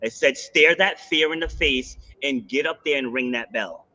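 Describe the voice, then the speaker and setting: A man's voice: mid-range voice, moderate pace, highs cut off. A middle-aged man hosting a podcast, telling a story in casual conversation and acting out what people said. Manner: animated storyteller, acts out quotes. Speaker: podcast host and fitness coach.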